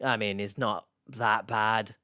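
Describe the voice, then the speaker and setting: A man's voice: on the low side, steady tone, slow pace, sharp tone, no room sound, studio quality. A man hosting an online reaction video, giving sarcastic, mocking commentary in a casual way.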